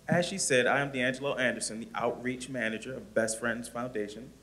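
A man's voice: medium pitch, brisk, fairly bright tone, slight background noise. A man, an outreach manager, presenting his organization's core values to school students and going through them one by one. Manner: explaining clearly, listing items.

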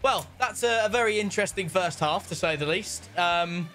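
A man's voice: high voice, normal speed, loud music behind the voice. A young man casually commentating a football video game match with a friend, laughing and bantering. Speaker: gaming YouTuber host.

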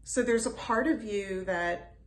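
Slow, soft-spoken woman teacher. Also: medium pitch, roomy sound. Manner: soft, unhurried, with fillers and pauses. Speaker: wellness teacher. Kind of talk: gentle guided self-compassion talk.

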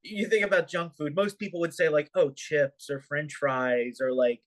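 A man's voice: fairly high pitch, steady tone, moderate pace. A man hosting a podcast, asking wry, teasing questions in a casual chat.

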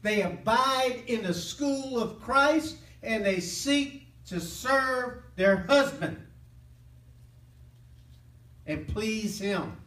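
High-voiced preacher prompting his congregation. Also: animated, drawn-out words, long pauses, sharp tone. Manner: call-and-response, prompting listeners to finish phrases; earnest and impassioned. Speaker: Bible teacher. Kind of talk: interactive sermon. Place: church hall with live listeners. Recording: echoey room from a distant mic.

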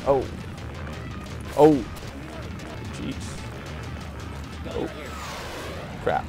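A man doing casual let's-play commentary, excitable and full of yelps and exclamations. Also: mid-range voice, drawn-out words, pauses often, soft background music. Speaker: gameplay commentator.

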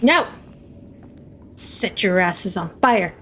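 Excitable woman doing game commentary. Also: fairly high pitch, a little slow, a little hiss or hum. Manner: excitable, yelling mock exorcisms at monsters. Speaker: gaming commentator. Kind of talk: let's play commentary.

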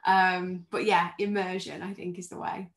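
A woman's voice: lowish voice, level tone, normal speed, echoey room. A woman actor on a video-call panel, giving friendly, candid advice and thinking aloud as she goes. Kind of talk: conversational panel answers.

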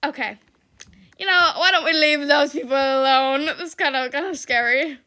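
Her high, pushed, bright voice moves at a moderate pace as this young gaming YouTuber narrates her play casually. She giggles constantly, exclaims, shrieks for help, and reads the chat out loud.

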